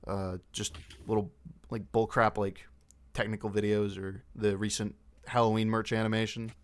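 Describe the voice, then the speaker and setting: A man, a video editor and voice actor, joking deadpan through a casual online panel chat. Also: lowish voice, moderate pace, clear, resonant tone.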